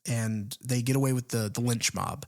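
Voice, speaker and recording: A man co-hosting a casual film podcast, recapping the plot in an even way with frequent ums and uhs. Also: medium pitch, normal speed. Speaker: podcast co-host.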